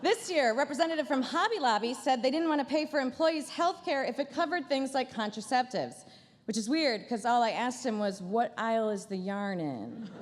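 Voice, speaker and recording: A woman's voice: fairly high pitch, expressive, normal speed, in a large hall, slight background noise. A woman comedian doing a stand-up roast at a banquet dinner, with a dry, sarcastic delivery and playful asides. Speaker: comedian headlining a gala dinner. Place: large banquet hall.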